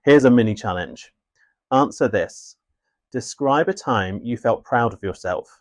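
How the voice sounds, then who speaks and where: A man narrating a scripted English lesson in a clear, measured, instructive way. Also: mid-range voice, lively intonation, no room sound, clean studio sound. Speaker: English teacher.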